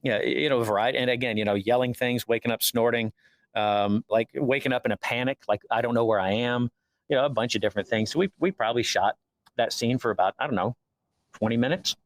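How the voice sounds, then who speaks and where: Fast and animated, a male actor guest with a mid-range voice recounts stories in a casual interview, acting out the quoted dialogue along the way. No room sound is audible.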